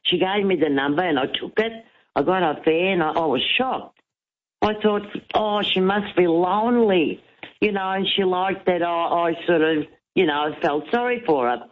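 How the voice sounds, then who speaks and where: A woman's voice: fairly low pitch, moderate pace. A woman calling a radio talk show, telling her story in a chatty, rambling way full of fillers and restarts. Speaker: radio caller. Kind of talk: casual phone-in storytelling. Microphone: telephone. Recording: tinny phone line.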